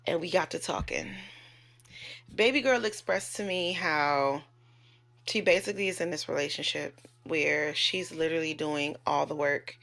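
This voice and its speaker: A woman's voice: low voice, moderate pace, vocal fry, a bit bright. A woman who works as a nurse, telling a story to her camera in a candid, chatty way and cursing freely. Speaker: nurse and vlogger.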